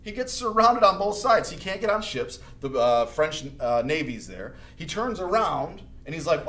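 A man teaching high school history in a casual, chatty lecture, acting out historical figures as he goes. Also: big pitch swings, normal speed, few pauses, fairly bright tone. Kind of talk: recorded classroom lecture. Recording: echoey room recording.

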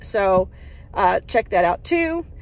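A woman's voice: medium pitch, very animated, slow pace. A woman, chatting casually in her yard for a vlog, upbeat and rambling with lots of fillers. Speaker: vlogger.

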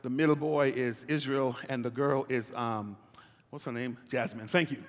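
A man's voice: mid-range voice, fairly even intonation, moderate pace, big-room sound. An older man, a pastor, preaching a sermon in a conversational way, with asides to the congregation.

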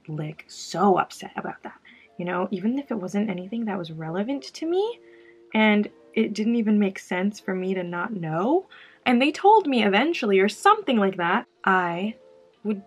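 A woman's voice: medium pitch, slightly rough. A young woman vlogger talking candidly about her past while doing her makeup, in a casual get-ready-with-me chat. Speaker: beauty vlogger.

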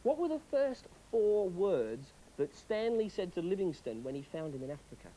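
A woman's voice: lowish voice, big pitch swings, normal speed, mellow, a little hiss or hum, rough recording. Bubbly woman playing quizmaster. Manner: bouncy, chatty quizmaster patter. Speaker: pretend game show host. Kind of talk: playful game show role-play.

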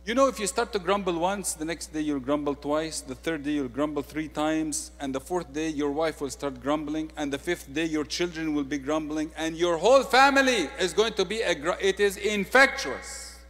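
A male preacher with an Egyptian accent delivers a sermon in a slightly raised voice. He shifts between soft, confiding asides and forceful, emphatic declarations. His voice rings with the long reverb of a large church hall. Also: fairly high pitch, normal speed, few pauses. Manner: swings from quiet intimate asides to loud emphatic declarations.

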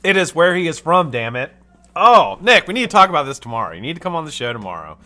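An American man hosting a casual live stream, chatty and animated, greeting chat and swearing freely. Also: a little high, quick pace. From United States. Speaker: livestream host.

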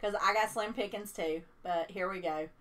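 A woman's voice: medium pitch, normal speed, a bit bright. A woman with a Southern US accent chatting casually while watching game pulls, humming suspense noises as she waits. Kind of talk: casual gaming chat.

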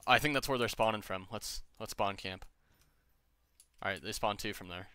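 Young man, low-ish voice, bright and smooth, dry close sound, rambling profane gaming chatter. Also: moderate pace, pauses often, dry recording. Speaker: gamer streaming with friends. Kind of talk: casual gaming chat.

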